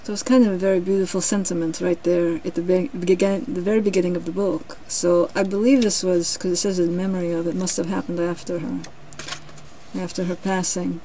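A woman's voice: on the low side, level tone, brisk, warm tone, a little hiss or hum, low-quality recording. A woman in a casual vlog reading from a family book, chatting in rambling asides and laughing often. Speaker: reader sharing her grandmother's books.

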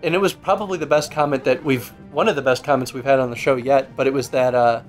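A man's voice: mid-range voice, steady tone, quick pace, soft background music. A man co-hosting a let's play, musing at length and critiquing his own work. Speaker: co-host game developer.

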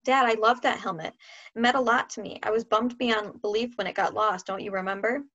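A woman's voice: medium pitch, steady tone, a little fast, fairly bright tone, lightly acted. A woman voicing an eager, cheeky ten-year-old boy in a read-aloud story. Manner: pleading, then teasing. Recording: dull lo-fi sound.

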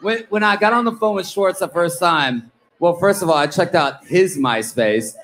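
A man with a slightly raised pitch holds forth at a live interview in a bar venue. He tells stories in a loose, profane, animated way, full of joking banter. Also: normal speed, a little hiss or hum, poor audio. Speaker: reality TV guest.

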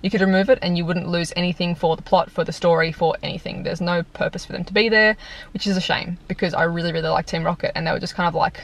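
A young woman casually talking through a film review in a chatty, animated way, full of "like" and "um". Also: lowish voice, fast talker, gravelly, a little hiss or hum. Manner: chatty, animated, lots of fillers. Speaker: YouTube vlogger reviewing a film. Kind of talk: casual chat. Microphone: compact camera mic.

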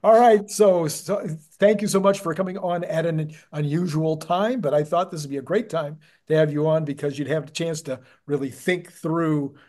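A male host in a casual interview chat, hoarse and getting raspier, talking in a chatty way with many restarts. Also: fairly high pitch, moderate pace, hardly any pauses, a little mellow. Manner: chatty, with frequent restarts and fillers.

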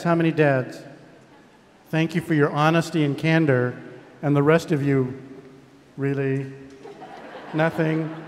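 A middle-aged man, a university president, speaking jovially to families and drawing in the audience. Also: on the high side. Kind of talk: speech to families. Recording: long hall reverb.

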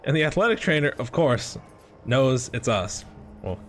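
A man giving gameplay commentary, excitable and rambling, swearing often as he plays. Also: mid-range voice, normal speed, soft background music. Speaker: gaming channel host.

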